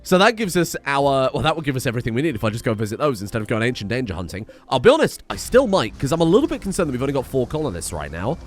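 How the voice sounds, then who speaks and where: Lively sweary man playing a game. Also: medium pitch, rapid-fire, few pauses, faint music behind. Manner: animated, sweary, self-mocking, with sudden shouts. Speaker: gaming YouTuber. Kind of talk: casual let's-play commentary.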